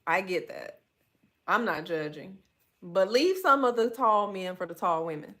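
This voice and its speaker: This is a woman as she hosts her own podcast. She talks candidly and with animation, and she keeps calling her listeners y'all. Her voice sits at a middle pitch for a woman. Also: animated, measured pace, fairly bright tone. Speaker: podcast host. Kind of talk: solo podcast talk reading live chat.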